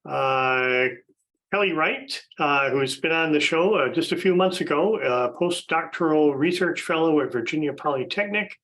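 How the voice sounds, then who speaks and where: A man's voice: a little high, lively intonation, normal speed, a bit bright, rough recording. A man hosting a podcast, casually introducing a panel of guests, chatty with frequent fillers and restarts. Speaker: podcast host.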